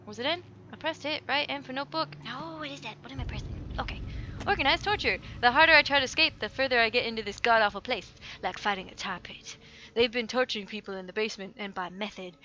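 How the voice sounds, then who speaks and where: A woman's voice: fairly high pitch, pushed and bright, muffled recording, a little hiss or hum. A woman commentating a game, jittery and swearing, muttering to herself, her microphone flipped up above her head. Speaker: let's play host. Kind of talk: gameplay commentary. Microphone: headset mic flipped up above head.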